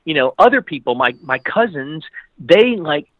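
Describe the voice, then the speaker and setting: A man who works as an actor, guesting on an interview and telling rambling, animated stories. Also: moderate pace, dry recording, lo-fi sound. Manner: animated, jumps into high voices when quoting people; rambling with many fillers and restarts. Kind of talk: casual storytelling interview.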